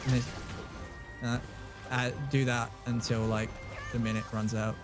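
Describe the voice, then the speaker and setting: A man with a southern English accent chats casually while he plays a game, and he rambles through jokey stories. His voice sits at a middling pitch. Soft game music plays in the background. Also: flat delivery, moderate pace, pauses often. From southern England. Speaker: streamer. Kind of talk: casual gaming chat.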